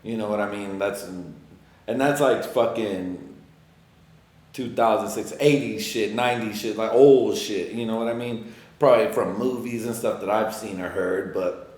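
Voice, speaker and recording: A man hosting a podcast, rambling through a casual, profane solo monologue that swings from loud excitement to low muttering. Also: unhurried, roomy sound. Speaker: podcast host.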